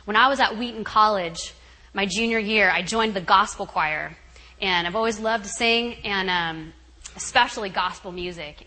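A woman guest speaker telling a story at a retreat in an animated, chatty way, full of "you know" and "right". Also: mid-range voice, low-quality recording.

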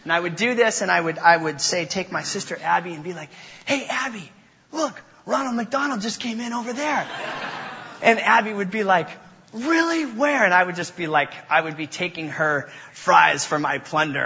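A man's voice: high voice, pushed and bright. A young man preaching a sermon, mixing scripture teaching with playful, self-mocking stories from his childhood. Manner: playful, self-mocking storyteller with quick voice changes. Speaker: pastor. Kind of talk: sermon with personal storytelling. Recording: dull sound in a reverberant hall.

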